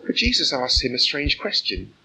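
Guy preaching a casual sermon, kinda gravelly, faint hiss behind, keeps asking "isn't it?" type questions. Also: medium pitch, big pitch swings, moderate pace, bright, forceful tone, rough recording. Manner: conversational, full of rhetorical questions; personal and earnest. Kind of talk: informal sermon.

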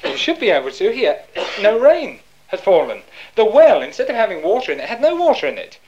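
A woman's voice: mid-range voice, sing-song, brisk, darkish tone, muffled recording, slight background noise. A woman preaching a sermon, asking rhetorical questions and answering them herself.

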